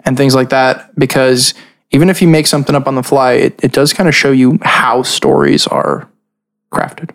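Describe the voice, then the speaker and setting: A man hosting a tabletop game podcast, chatting casually in a rambling, animated way and laughing often. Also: medium pitch, normal speed, creaky. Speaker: podcast host and dungeon master.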